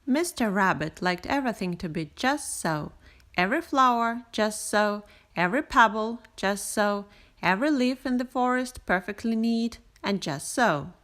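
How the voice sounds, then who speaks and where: A woman reading a bedtime picture book aloud, gentle and expressive, with sing-song repetition. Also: mid-range voice, moderate pace. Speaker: storyteller. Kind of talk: bedtime story read aloud.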